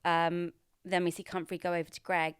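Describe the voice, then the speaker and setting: Lady chatting on a podcast, smooth voice, kinda low, retells scenes. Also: little pitch movement, normal speed. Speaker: podcast co-host. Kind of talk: casual chat recapping a TV episode.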